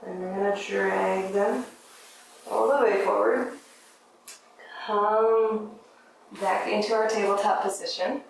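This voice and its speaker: A woman teaching a yoga class, giving gentle, encouraging step-by-step cues for breath and movement. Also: medium pitch, fairly even intonation, slow pace, vocal fry, pauses often, a little hiss or hum. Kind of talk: guided yoga class instruction. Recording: very echoey room, mic at a distance.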